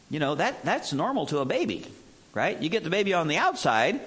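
Brief: animated male preacher, high voice with big swings. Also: normal speed. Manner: animated storytelling, acts out voices. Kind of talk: sermon.

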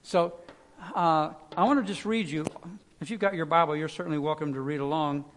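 A male pastor delivers a sermon in a high voice for a man. He talks conversationally, with fillers and restarts, then rises into loud pleading lines before sinking back to quiet, low emphasis. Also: steady tone, fairly quick, a little hiss or hum.

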